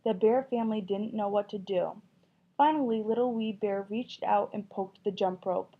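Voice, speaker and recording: Expressive woman teacher reading a story aloud. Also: medium pitch, normal speed. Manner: expressive, encouraging questioning. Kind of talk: children's story reading and lesson. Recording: dull lo-fi recording.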